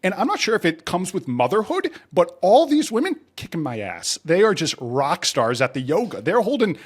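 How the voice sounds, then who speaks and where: A man guesting on a podcast, telling a self-mocking story in a casual, animated way. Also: sits high, normal speed, slightly rough.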